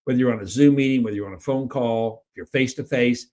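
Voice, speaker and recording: A man co-hosting a podcast and teaching sales in casual conversation. He talks with energy, often repeats words as he starts a sentence, and acts out excited and flat sales pitches. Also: quick pace. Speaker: podcast co-host and sales trainer.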